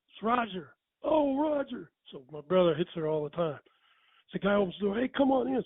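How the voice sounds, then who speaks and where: Older male storyteller, higher voice, chuckling asides, tinny dry phone-like audio. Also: no room sound. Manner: rambling, self-correcting, chuckling. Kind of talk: casual storytelling.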